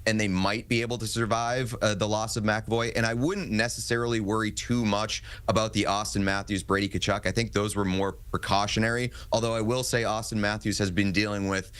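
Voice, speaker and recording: A man's voice: lowish voice, flat delivery, a bit bright, smooth. An American man giving sports analysis as a hockey analyst in an interview, talking it through with fillers. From United States. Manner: measured, thinks aloud with fillers.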